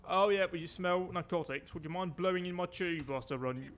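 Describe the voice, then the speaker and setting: This streamer, a British man, narrates his gaming in a casual, chatty way, dropping dry, wry comments as he goes. His voice sits a little above the usual male range, a bit bright, and he speaks a little fast.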